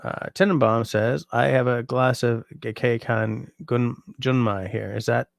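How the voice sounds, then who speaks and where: A sleepy, yawning man hosting a livestream, chatting casually and reading out viewer comments in a relaxed, rambling way. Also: medium pitch, unhurried, gravelly, no echo, clean studio sound. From Canada. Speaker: livestream host.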